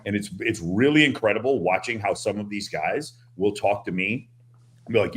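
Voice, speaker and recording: A man in a group talk, explaining things in a deliberate, somewhat nerdy way. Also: fairly low pitch. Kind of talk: casual group chat on a stream.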